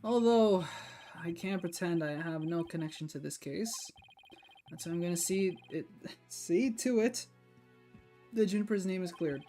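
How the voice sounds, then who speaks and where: A woman's voice: fairly low pitch, unhurried, long pauses, dark tone, soft background music, natural voice. A woman voicing an upbeat, confident young female defense attorney, reading game dialogue aloud with a peppy, brash manner. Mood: perky, confident. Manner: peppy and brash, brushing off nerves.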